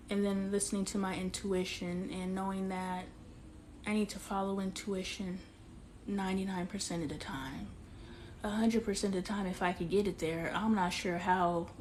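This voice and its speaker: A woman in her thirties, medium-pitched with a darkish tone, hosts a candid live stream on her phone outdoors. She speaks emotionally and confidingly straight to viewers, answering their comments aloud, with a little hiss or hum in the audio.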